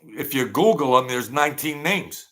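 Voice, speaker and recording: A man's voice: medium pitch, expressive, normal speed, bright, forceful tone. A man hosting a casual livestream, rambling and thanking viewers by name as he reads their comments. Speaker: channel host.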